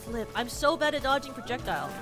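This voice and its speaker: A young woman streaming a game, commenting excitably with loud yelps and panicked repeats. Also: sits high, fast. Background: game music.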